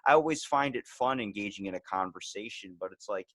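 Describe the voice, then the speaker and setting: A man's voice: fairly low pitch, expressive, a little fast, fairly bright tone, no room sound. A man hosting a podcast, chatting casually, rambling and joking freely. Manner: rambling, talkative, jokes freely. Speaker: podcast host.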